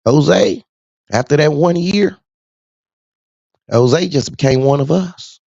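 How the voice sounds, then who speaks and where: A man's voice: fairly high pitch, slow, vocal fry, dark tone, dry recording. A man, a truck driver, ranting casually to camera in street slang and laughing often. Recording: dull dry lo-fi sound.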